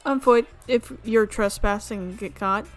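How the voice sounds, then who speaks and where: A woman streamer reading a visual novel aloud, amused and quick to laugh. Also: medium pitch, soft background music. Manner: amused, reads with frequent laughs.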